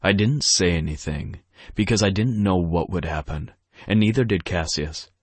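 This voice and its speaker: A man with a very deep, husky voice reads a romance audiobook in first person. His delivery is gruff and measured, unhurried. The recording is dry and close, from a studio mic. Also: dry recording. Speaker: audiobook narrator.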